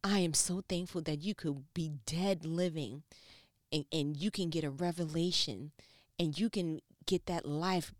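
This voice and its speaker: Low-voiced woman preaching with emotion. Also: no echo, studio quality. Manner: impassioned, emotional, shifting between hushed and loud. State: near tears. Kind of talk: sermon.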